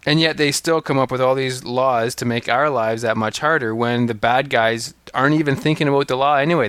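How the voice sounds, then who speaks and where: Male podcast host, earnest, laughs a lot, mid pitch, dry close sound. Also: fairly bright tone, no echo. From Canada. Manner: earnest, laughs often, restarts words. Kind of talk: casual chat.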